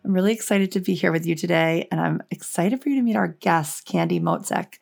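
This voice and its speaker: A woman with a raspy, hoarse voice, hosting her podcast in a chatty, reflective monologue. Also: on the low side, a little fast, a little mellow, soft background music. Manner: chatty and reflective, with frequent "like" fillers. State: hoarse, voice going. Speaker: podcast host.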